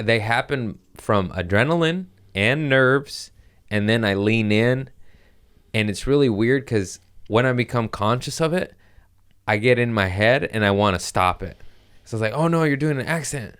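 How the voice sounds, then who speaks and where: A male comedian hosting a podcast, talking in a loose, rambling way and sliding into goofy put-on voices. His voice sits low and sounds smooth and clean. The talk is casual and full of jokes. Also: measured pace, fairly bright tone, dry recording, clean studio sound. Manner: rambling, jokey, slips into silly voices. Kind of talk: casual chat.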